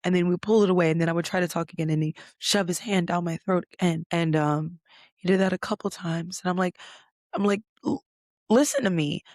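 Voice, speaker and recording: A young woman hosts a podcast, her voice on the low side, steady in tone, quick and a little mellow. The sound is clean studio audio with no echo. She tells a personal story candidly and conversationally, with frequent fillers and the odd swear word.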